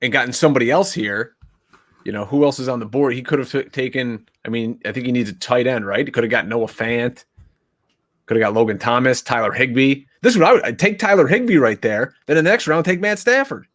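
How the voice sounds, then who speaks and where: A man with a mid-pitched voice co-hosting a casual podcast. He talks in an easy, conversational way and often asks questions. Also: animated, fairly quick, fairly bright tone. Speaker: podcast co-host. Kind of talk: casual fantasy football chat.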